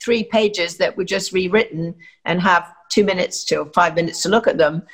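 A woman's voice: lowish voice, moderate pace. An older woman from England with a standard southern English accent, telling stories from her acting career with many fillers and restarts. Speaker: actress guest. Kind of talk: anecdotal interview talk.

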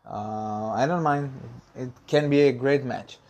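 Speaking at a medium pitch and a slightly slow pace, this man has a darkish tone. He's a podcast host doing a casual solo review, rambling with lots of ums and uhs and doubling back on words to fix what he said.

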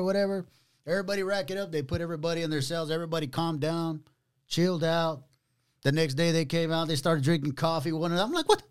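A man's voice: a little high, clear, resonant tone. Man telling a testimony. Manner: animated storytelling, drawn-out words, casual slang. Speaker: pastor and podcast host. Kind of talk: conversational testimony.

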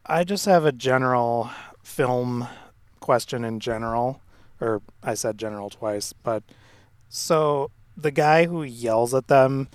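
A man co-hosting a podcast in casual chat, speaking haltingly with many fillers and wry tangents. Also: mid-range voice, clear, resonant tone, dry recording.

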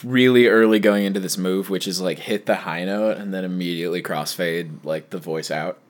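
A man's voice: sits low, steady tone, a little fast. A man hosting a casual podcast discussion about albums, thoughtful and steering the talk. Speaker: podcast host.

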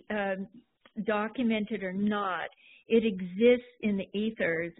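A woman hosting a podcast interview, effusive and warm in her words, calling her guest darling. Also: mid-range voice. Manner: effusive, calls people darling. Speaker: podcast host. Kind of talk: casual interview talk. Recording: phone-like call audio.

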